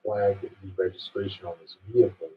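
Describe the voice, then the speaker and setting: A man's voice: low-pitched, fairly even intonation, a little fast, a little hiss or hum. A man delivering indignant, emphatic online news commentary, heard as distant, dull clip audio. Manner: indignant, pointed.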